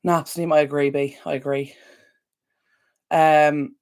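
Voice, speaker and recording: A woman's voice: low voice, flat delivery, measured pace, a little mellow. An Irish woman hosting a decluttering channel, chatting casually on a live stream, rambling and answering viewers' comments with sympathy. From Ireland.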